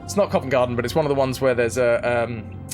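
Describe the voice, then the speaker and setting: A young man streaming a game, telling stories and chatting with his viewers in a lively, casual way. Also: mid-range voice, fast, faint music behind. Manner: animated, chatty storytelling to viewers. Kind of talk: casual chat while playing a game.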